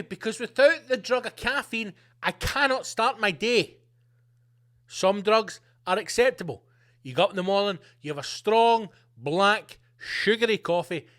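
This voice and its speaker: A man's voice: sits high, fairly bright tone. A man hosting his own podcast, ranting angrily and sarcastically with lots of swearing. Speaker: podcast host.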